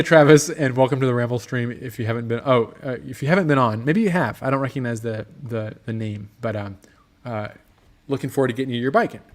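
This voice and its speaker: Broadcasting a casual livestream from his motorcycle workshop, a man with a medium-pitched voice reads viewer comments aloud. His delivery is relaxed and rambling, packed with ums and restarts.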